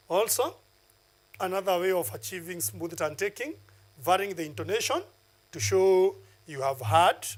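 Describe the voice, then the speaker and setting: A man's voice: a little high, rough recording. A man teaching a lesson on a TV channel, lecturing and counting off numbered points with filler uhs. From Kenya.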